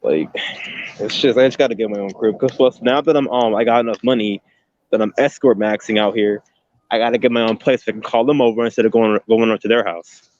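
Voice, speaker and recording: A young man chatting bluntly on a call, full of slang and stray fillers. His voice sits a bit low. The audio is dull and lo-fi and very dry, with no room sound. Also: fairly even intonation, a little fast, darkish tone, dry recording. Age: young adult. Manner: slangy, blunt, mumbly filler-heavy talk. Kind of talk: casual chat.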